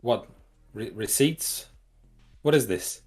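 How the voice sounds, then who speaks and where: A man's voice: mid-range voice, animated, takes it slowly, darkish tone, slightly rough, soft background music. A man voicing a stern, officious woman port inspector in a tabletop game, giving clipped formal commands. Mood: baffled.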